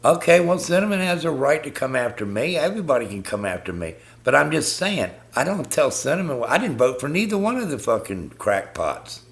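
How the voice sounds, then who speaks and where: A man's voice: fairly high pitch, very animated, brisk, gravelly, few pauses. A man hosting a live stream, ranting bluntly and swearing constantly as he talks to viewers about politics.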